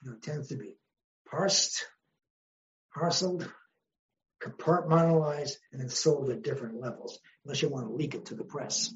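A man's voice: medium pitch, moderate pace, long pauses, muffled recording. A man, a history professor, speaking as an interview guest in an emphatic, wry way and posing rhetorical questions. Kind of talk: conversational interview.

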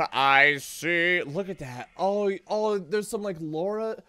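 A man's voice: sits high, takes it slowly, hardly any pauses, clear, resonant tone. A man streaming video games, cursing and yelping as he plays and reacts. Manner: animated, sweary, prone to sudden yelps. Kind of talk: casual gaming commentary.

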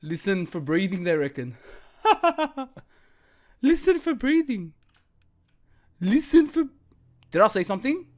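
A man's voice: high-pitched, very animated, takes it slowly, long pauses. Jumpy man swearing through a horror game. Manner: jumpy, swears a lot, panicky outbursts. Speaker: gaming channel host. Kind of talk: horror game let's play commentary.

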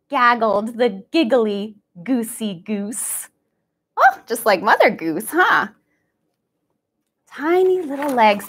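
Heard through a camera on the far side of the room, a woman runs a live-streamed baby storytime as a children's librarian. Her fairly high, slightly rough and a bit bright voice is sing-song and slow, with long pauses, as she plays around and makes animal noises.

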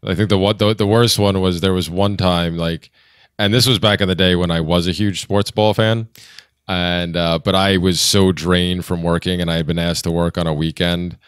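Deep smooth-voiced guy rambling on a podcast, laughs a lot, dry close sound. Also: steady tone, normal speed, no echo. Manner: rambling, laughs often, restarts his sentences. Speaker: podcast co-host. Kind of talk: casual chat.

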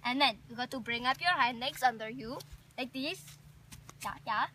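A woman's voice: on the high side, moderate pace, bright, forceful tone, slight background noise. A woman playing a chirpy flying squirrel teacher. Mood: coaching. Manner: sing-song, encouraging, repeats praise. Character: eager female flying squirrel teacher at rodent school. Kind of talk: amateur comedic role-play.

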